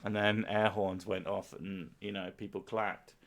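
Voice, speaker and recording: A man's voice: on the low side, little pitch movement, a little slow. Crude, joking man streamer. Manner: joking, crude, self-mocking. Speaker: streamer and host. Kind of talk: casual livestream chat.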